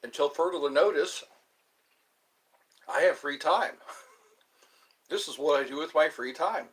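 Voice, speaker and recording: A man's voice: a little high, unhurried, fairly bright tone, slightly rough, poor audio. A man live-streaming in a casual chat, reading viewer comments aloud and rambling playfully with frequent giggles.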